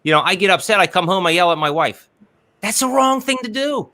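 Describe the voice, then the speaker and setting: A man speaking as an interview guest over a video call from his office. His voice sits high and sounds bright and forward. He talks earnestly and loops back over words while he finds his point. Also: expressive, fairly quick. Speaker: guest, business strategist. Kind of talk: casual interview chat.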